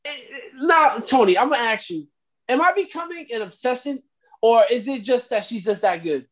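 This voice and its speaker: A woman's voice: a little high, expressive. A woman co-hosting a wrestling podcast, leading segments in an upbeat, casual way. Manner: upbeat, leads segments, quick agreements. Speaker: podcast co-host.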